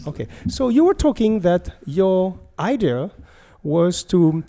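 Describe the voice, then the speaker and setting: Gravelly, mellow-voiced male host. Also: sits high, big pitch swings, slow. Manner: enthusiastic, meandering, many fillers. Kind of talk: casual interview chat.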